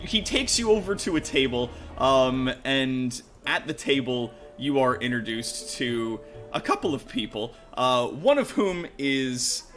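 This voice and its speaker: A man's voice: medium pitch, measured pace, soft background music. A man running a tabletop game as game master, narrating with lots of fillers and laughter. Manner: animated, laughing, filler-heavy.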